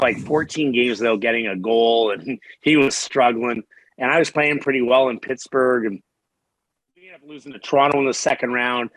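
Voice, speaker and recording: A middle-aged man, a guest on a podcast, telling stories in a candid, animated, profane way and often restarting his sentences. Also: mid-range voice, low-quality recording. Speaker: podcast guest, former hockey player. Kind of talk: casual storytelling interview.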